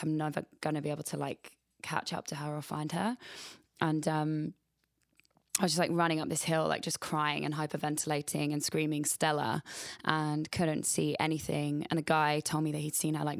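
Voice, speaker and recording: A woman's voice: low voice, vocal fry, no echo, clean studio sound. A young woman hosting a radio show, chatting casually and rambling with lots of "like" and swearing. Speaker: radio host. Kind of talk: casual chat. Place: radio studio.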